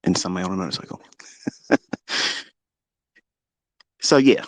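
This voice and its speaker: A man hosting a live audio stream, delivering a heated, profane and boastful rant that swings between loud outbursts and low muttering. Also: normal speed, no room sound. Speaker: trading educator and Twitter Space host.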